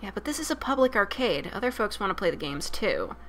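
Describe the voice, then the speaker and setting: A woman's voice: mid-range voice, big pitch swings, brisk, a bit bright, a little hiss or hum. Woman reading as a polite young arcade attendant. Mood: firm. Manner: courteous, firm.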